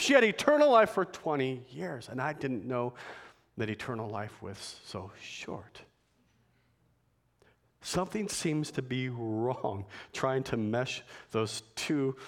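A man preaching a sermon, building to emphatic, forceful points. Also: mid-range voice, very animated. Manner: emphatic preacher, rising to forceful climaxes, slow deliberate phrasing. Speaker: pastor.

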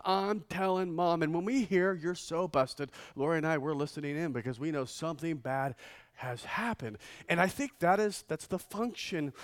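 Middle-aged pastor guy preaching, jokey stories, slightly high voice, gets big and loud on the key lines. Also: expressive, moderate pace. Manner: storytelling, joking, swells loud for emphasis. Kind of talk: sermon.

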